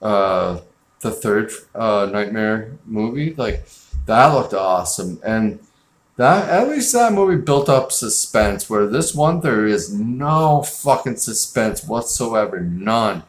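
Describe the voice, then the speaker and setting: A man hosts a laid-back film review, rambling bluntly and swearing freely between fillers. His voice sits on the low side. The room around him is roomy and echoey. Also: very animated, slow pace. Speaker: film review podcast host. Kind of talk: casual film review chat.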